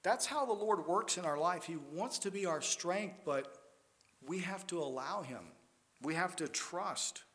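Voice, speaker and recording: Male preacher, higher-pitched voice, emphatic, loud-to-quiet sermon delivery. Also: animated, a little slow.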